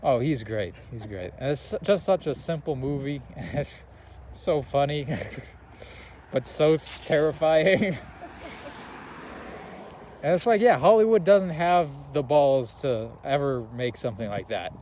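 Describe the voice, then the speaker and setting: A young man chatting casually about a film he loves, rambling, laughing and stacking up fillers. His voice sits a little high for a man, with faint noise behind him. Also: animated, a little slow, a little mellow, low-quality recording. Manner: rambling, laughing movie recap full of fillers. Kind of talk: casual chat.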